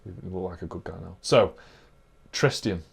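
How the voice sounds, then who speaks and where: Man, low voice, teasing, joking, casual podcast host. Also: moderate pace, creaky, husky. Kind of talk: casual chat.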